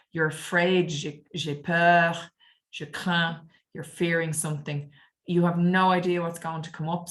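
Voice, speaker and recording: A woman teaching an online French exam revision lesson, explaining clearly and patiently. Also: sits low, a bit bright.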